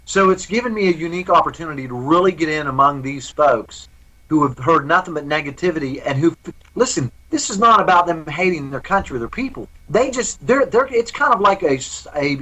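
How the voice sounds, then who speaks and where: A man's voice: on the high side, lively intonation, fairly quick, pushed and bright, poor audio. A man speaking as a guest in a live remote interview, earnest and preaching.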